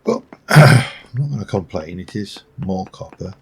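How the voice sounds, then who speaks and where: A man's voice: low voice, animated, a little slow, breathy edge. A middle-aged man giving rambling, musing let's play commentary with dry asides. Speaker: gameplay commentator.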